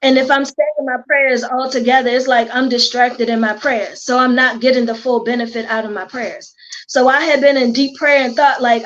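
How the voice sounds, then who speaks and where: A woman with a Baltimore accent and a high, bright-sounding pitch tells stories in a casual chat, acting out what others said. The audio is dull and lo-fi, like a remote call. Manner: animated storyteller, quotes herself and others. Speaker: guest, hair stylist.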